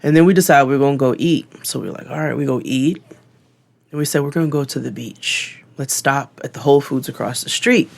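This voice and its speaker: A man telling a long story on his podcast, animated and profane, acting out what everyone said. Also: mid-range voice, a little fast, creaky. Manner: animated, profane, acts out quotes. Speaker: podcast co-host. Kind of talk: casual storytelling.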